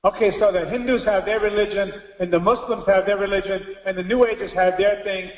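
A pastor preaching a sermon with emphasis, breaking into exclamations of praise. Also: male voice, high voice, steady tone, a little fast. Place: church hall. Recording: echoey hall, dull lo-fi audio.

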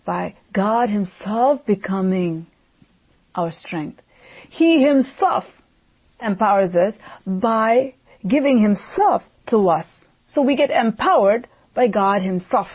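A woman preaching a devotional sermon, slow and emphatic, repeating key phrases for weight. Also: medium pitch, expressive, husky. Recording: dull lo-fi audio.

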